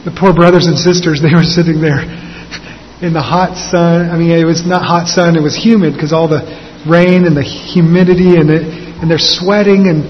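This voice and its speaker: A man with a somewhat high voice preaches an earnest sermon, stretching key words for emphasis. The sound is dull and lo-fi, with a long hall reverb. Faint room noise sits behind him. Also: fairly even intonation, moderate pace. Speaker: pastor.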